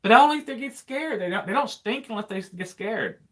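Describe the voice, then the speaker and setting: A man's voice: sits high, expressive, fairly quick, fairly bright tone. A man, a trucker hosting a casual live chat, rambling and repeating himself as he talks. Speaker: trucker and channel host.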